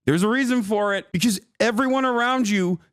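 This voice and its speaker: A man's voice: high voice, fairly quick, fairly bright tone, smooth, dry recording, clean studio sound. A male streamer in a heated reaction rant, angry, swearing, and mocking.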